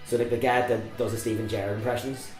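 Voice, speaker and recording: A man's voice: medium pitch, steady tone, quick pace, reverberant, faint music behind. A young man from Ireland, hosting a casual podcast chat, rambling and laughing often. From Northern Ireland. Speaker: podcast host.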